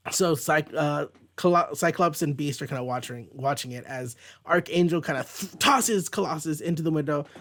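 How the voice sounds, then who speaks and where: A man's voice: a little high, moderate pace, few pauses, a bit bright. A man hosting a casual page-by-page comic book recap, rambling with fillers and restarts. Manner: rambling, lots of likes and restarts. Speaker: comic book reviewer host.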